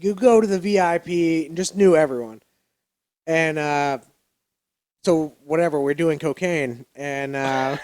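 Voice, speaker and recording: A man's voice: a little high, darkish tone. A man co-hosting a podcast, telling a rambling story in casual chat, full of fillers, laughs and swearing. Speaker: podcast co-host.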